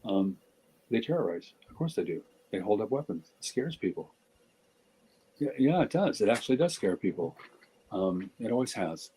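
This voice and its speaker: A man's voice: fairly low pitch, big pitch swings, moderate pace, warm tone, breathy edge, low-quality recording. A middle-aged man talking on a podcast in a blunt, joking way, often breaking off and restarting his sentences. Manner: blunt, joking, self-interrupting. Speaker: podcast guest speaker. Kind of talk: casual podcast discussion.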